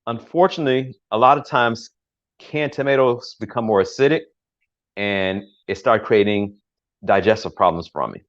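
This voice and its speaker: A man's voice: on the low side, normal speed, dull audio. An older man from the United States hosting a casual cooking livestream in his home kitchen, talking in a chatty, rambling way with jokes and self-corrections.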